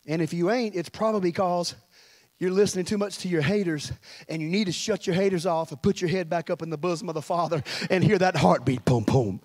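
High-voiced impassioned male preacher. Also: steady tone, fast, a little mellow. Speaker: pastor. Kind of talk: sermon.

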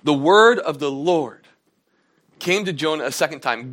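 A man's voice: a little high, animated, unhurried, fairly bright tone. A young man preaching a casual, storytelling sermon, acting out the characters' lines as he retells a Bible story. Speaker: pastor.

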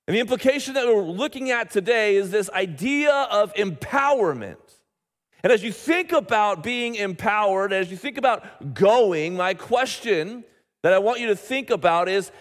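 A middle-aged man, a pastor, preaching a sermon and telling a family story in an animated way, with frequent restarts. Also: high-pitched. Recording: reverberant church hall.

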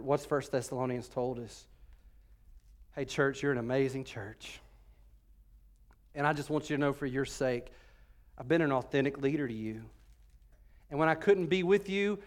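A middle-aged man preaching a sermon, moving between loud emphatic bursts and soft, close passages. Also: medium pitch. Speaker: pastor.

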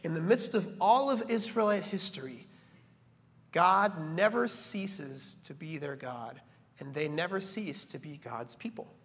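A man preaching a sermon as a pastor, animated, building to emphatic peaks and slipping in joking asides. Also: a little high, unhurried. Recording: reverberant church hall.

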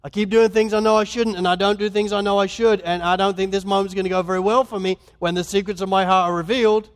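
A man with an Australian accent, a guest pastor preaching a sermon in a conversational, earnest manner that swings between soft and loud. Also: high voice, little pitch movement, fast. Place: church. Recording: long hall reverb.

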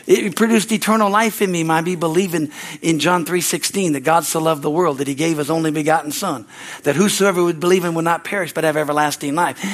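A man preaching a sermon, fervent, often breaking in with hallelujah and amen, moving between loud rises and quiet low asides. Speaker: pastor.

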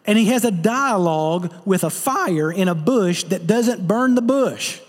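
A man with a high voice delivers a sermon, earnest and direct, often turning to rhetorical questions. His voice carries a long reverb, as in a large hall. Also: animated, measured pace. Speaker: pastor.

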